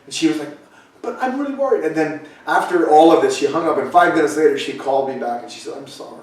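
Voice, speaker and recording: Older man, pastor, chatty storytelling sermon, slightly raised pitch, echoey room, mic at a distance. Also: steady tone, fast. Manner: storytelling, chatty asides and restarts. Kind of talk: conversational sermon. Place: church sanctuary, echoey room.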